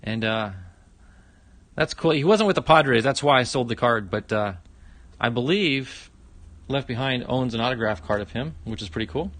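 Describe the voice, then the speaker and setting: A man's voice: mid-range voice, lively intonation, normal speed, a bit bright. A middle-aged man hosting a casual livestream, opening fan mail, chatty and exclaiming often.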